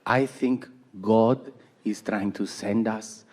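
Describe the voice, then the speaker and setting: A man imitating his older mother, an earnest woman with a Peruvian Spanish accent, speaking slowly and solemnly. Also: fairly low pitch, fairly even intonation, darkish tone, voice pushed down. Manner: slow, heavily accented, solemn.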